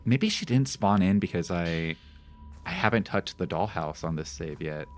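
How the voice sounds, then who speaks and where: A man's voice: low voice, moderate pace, faint music behind. A young man chatting casually on a live game stream, rambling and reacting jumpily. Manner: animated, jumpy reactions, rambling anecdotes.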